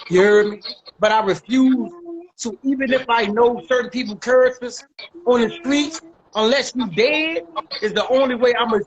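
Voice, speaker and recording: A man's voice: very high voice, rough recording. A man with a Washington, D.C. accent, speaking emphatically as an interview guest, repeating phrases and using heavy street slang. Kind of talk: casual interview talk.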